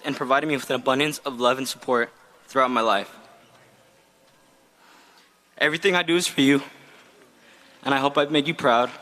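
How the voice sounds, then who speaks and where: A man's voice: medium pitch, pushed and bright. A young man, a graduating student, giving an earnest, heartfelt graduation speech read from a script. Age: young adult. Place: outdoor graduation ceremony.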